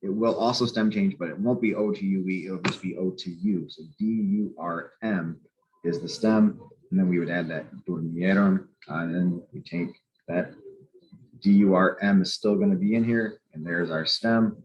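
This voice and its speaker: A man's voice: low voice, steady tone, moderate pace, dull audio. A man teaching a grammar lesson, explaining patiently and methodically and repeating key points. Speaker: Spanish teacher.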